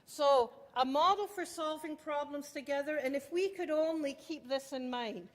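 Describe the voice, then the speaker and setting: A woman's voice: high-pitched, normal speed, few pauses. A middle-aged woman gives an intense, emphatic talk to parents in a lecture hall. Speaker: child development speaker. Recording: long hall reverb.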